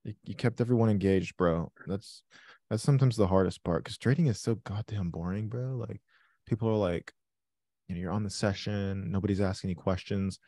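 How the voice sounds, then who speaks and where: Excitable swearing man on a livestream. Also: lowish voice, a little fast, no echo, studio quality. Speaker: livestream trading host. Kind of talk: casual live-stream chat.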